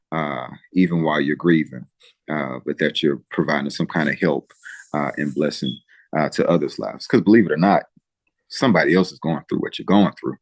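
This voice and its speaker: A man speaking as an interview guest, emotional and halting, with frequent pauses and restarts as he encourages listeners like a preacher. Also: rumbling low, no room sound. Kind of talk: earnest interview talk.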